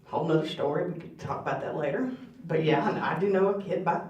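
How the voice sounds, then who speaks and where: A woman's voice: sits low, quick pace, darkish tone, highs cut off. Earnest woman giving testimony in a church. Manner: earnest, conversational, asks the audience questions. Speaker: guest speaker. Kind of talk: personal testimony talk. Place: church hall. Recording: roomy church hall.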